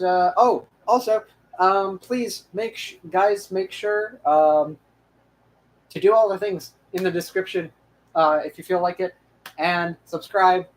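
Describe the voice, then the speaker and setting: A young man with a high-pitched voice chats loosely to close out his channel's episode. He rambles, restarts his sentences and fills the gaps with ums and uhs. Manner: rambling, full of restarts and fillers. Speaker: channel host. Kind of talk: casual outro chat.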